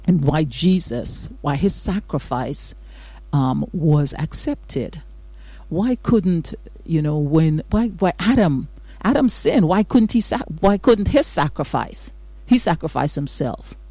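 Out of breath, a female radio host with a low, warm voice welcomes listeners to her morning devotional program and preaches full of exuberant praise and amens. There's no echo on the recording.

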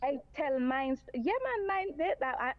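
A woman's voice: sits high, expressive, normal speed, lo-fi sound. A woman calling in to talk radio, earnestly repeating her points.

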